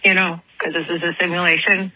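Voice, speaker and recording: A woman's voice: on the low side, flat delivery, brisk, sharp tone, poor audio. A young woman leaving a rambling, apologetic voicemail outdoors at night, telling a personal story and giggling as she goes. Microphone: phone voicemail.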